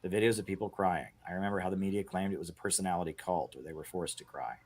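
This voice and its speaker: A man's voice: low voice, steady tone, rapid-fire. A man streaming and chatting casually through viewer questions, rambling with many restarts and frequent "right?" and "you know" asides. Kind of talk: casual livestream chat.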